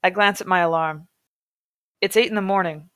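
A woman's voice: fairly low pitch, normal speed, no echo. Wry woman reading aloud, dry sound. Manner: wry, deadpan asides. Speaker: podcast host reading a story aloud. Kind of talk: reading aloud with sarcastic commentary.

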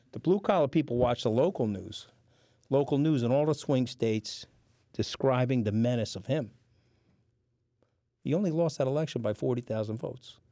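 A middle-aged man with a New York accent, guesting on a casual podcast, tells his stories bluntly and curses freely. His voice is medium-pitched and mellow, recorded at studio quality with no echo.

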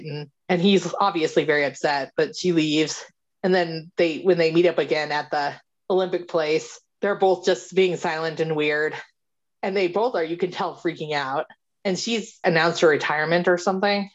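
A woman with a fairly low voice co-hosts a podcast, recapping a movie in loose, animated chat. She laughs often and acts out bits of dialogue. The recording sounds somewhat dull and lo-fi. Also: normal speed. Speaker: podcast co-host.

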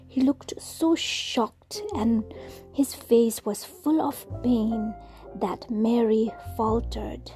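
A woman whispering a story aloud in a soft, slow, hushed reading. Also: a little high, faint music behind.

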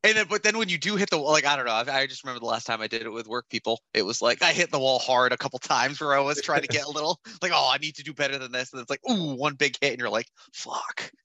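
A man's voice: mid-range voice, fast, few pauses, sharp tone, no echo. A young man telling stories in casual podcast chat, loose and laughing, full of fillers.

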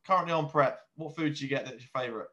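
A young man hosting a casual chat, asking questions in a relaxed way and agreeing with short "yeah"s. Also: a little high, very fast, dull audio. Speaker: host.

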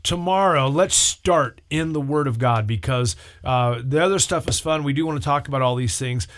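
A man's voice: mid-range voice, normal speed, fairly bright tone. A man, a pastor, hosting a church call-in radio show in a talkative, upbeat way and leading prayer. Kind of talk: casual radio chat.

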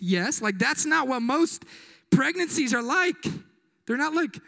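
A man's voice: very high-pitched, animated, measured pace, gravelly, sharp tone. A young man preaching a casual, joking sermon as youth pastor, full of slang and asides. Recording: echoey hall.

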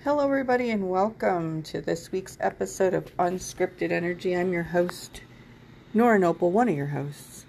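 A woman's voice: on the low side, lively intonation, normal speed, gravelly, darkish tone. A woman from Ohio hosting a podcast, chatting casually and rambling a little, laughing often. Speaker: podcast host.

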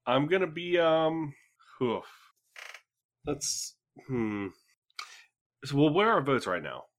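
A man's voice: on the high side, sing-song, slow. A man co-hosting a casual podcast chat, hesitant and dry in his jokes. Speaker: podcast co-host.

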